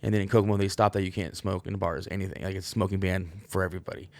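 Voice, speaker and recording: A man's voice: sits low, little pitch movement, racing, no room sound. A man hosting a casual show, telling rambling profane stories full of fillers and restarts. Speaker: podcast host. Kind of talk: casual storytelling monologue.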